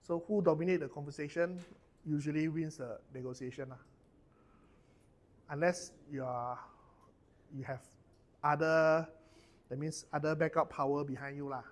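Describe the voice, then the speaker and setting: A man's voice: a little high, steady tone, normal speed, pauses often. A middle-aged man with a Malaysian English accent leading a corporate training workshop, chatty and loose, dropping lah and lor at the end of his sentences.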